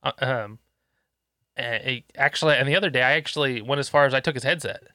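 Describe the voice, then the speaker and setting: A man's voice: mid-range voice, fast, sharp tone, no echo, studio quality. A man and parent chatting on a podcast, blunt and full of swearing, acting out how he scolds his son. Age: adult parent. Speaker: podcast co-host. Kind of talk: casual profane chat.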